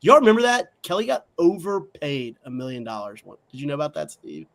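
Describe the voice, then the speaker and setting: A man's voice: on the high side, big pitch swings, brisk, fairly bright tone. A man co-hosting a sports talk show, talking in a crude, blunt, mocking way. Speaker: podcast co-host.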